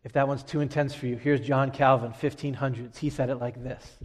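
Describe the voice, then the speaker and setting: A middle-aged man preaching a sermon as pastor, emphatic, with dramatic pauses and swings from loud to hushed. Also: medium pitch, steady tone. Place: church sanctuary. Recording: long reverb of a large hall.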